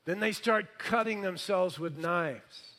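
Middle-aged male pastor, slightly high voice, animated storytelling, sarcastic humor. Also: slow pace. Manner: dramatic scripture reading. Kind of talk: sermon.

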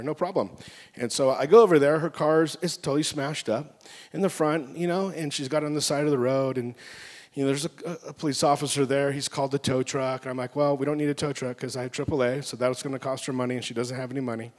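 A man's voice: medium pitch, fast. Preacher man in a reverberant hall. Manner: animated storytelling, acting out his own outbursts. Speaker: pastor. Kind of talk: sermon.

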